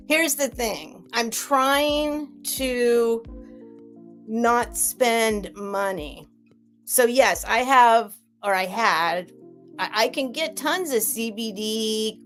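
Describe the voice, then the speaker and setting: A middle-aged woman on a live stream, chatting candidly with viewers and answering their comments by name in a rambling, confiding way. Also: a little high. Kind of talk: casual chat with live chat viewers.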